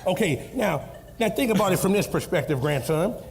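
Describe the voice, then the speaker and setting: A man playing an excitable old grandfather who has attended church for decades, rambling through examples in a church comedy skit. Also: fairly quick, creaky, a little hiss or hum. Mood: folksy. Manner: drawling, rambling, bursts into high squeals.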